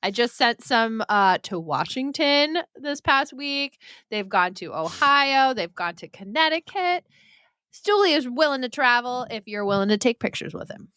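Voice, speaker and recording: Bright-voiced woman podcast co-host. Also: fairly high pitch, expressive, a little slow, smooth, dry recording, studio quality. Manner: laughs often, swears casually. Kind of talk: casual chat.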